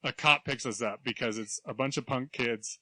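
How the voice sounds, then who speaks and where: A man's voice: mid-range voice, moderate pace, bright, forceful tone, dry recording. A middle-aged man co-hosting a podcast, telling a rambling, self-mocking story in casual chat. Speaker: podcast co-host.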